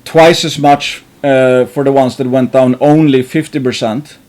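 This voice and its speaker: A man's voice: medium pitch, steady tone, unhurried, a little mellow. A man hosting an investing channel, thinking aloud in a rambling way, with many restarts and fillers and some casual swearing.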